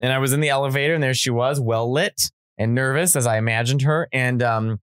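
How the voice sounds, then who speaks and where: A man in his thirties, a comedian guest chatting on a podcast, telling animated stories and slipping into the voices of the people in them. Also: medium pitch, brisk, smooth, no echo, clean studio sound. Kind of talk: casual podcast chat, storytelling.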